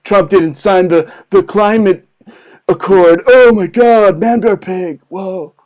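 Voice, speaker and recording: A man putting on a politician who wails in a mocking, panicked tone, his voice pitched a little above normal. He yammers in breathless alarm. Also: takes it slowly, darkish tone, lo-fi sound. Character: panicking former politician, mocked impression.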